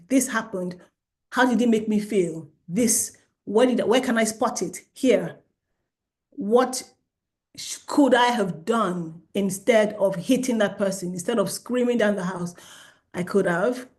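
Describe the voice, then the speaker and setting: A middle-aged woman gives a lively talk to parents about helping children calm down. She slips into the voices of parents and children to act out the moments she describes. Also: mid-range voice. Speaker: child development specialist.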